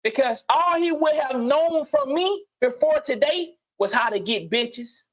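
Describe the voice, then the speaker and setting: A man hosting a livestream and giving an unscripted motivational monologue, blunt and profane, repeating phrases and swinging from low murmurs to loud outbursts. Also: animated, measured pace. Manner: blunt, preachy, profane street slang. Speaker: livestream host. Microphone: streaming mic.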